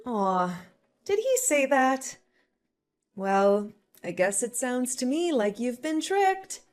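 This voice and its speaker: A woman voicing a calm, pregnant young wife who answers her sister-in-law with dry sarcasm, in a dramatized story. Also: high-pitched, slow pace, soft background music, exaggerated voice. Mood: cool. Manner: cool, composed, dryly sarcastic. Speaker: voice actor.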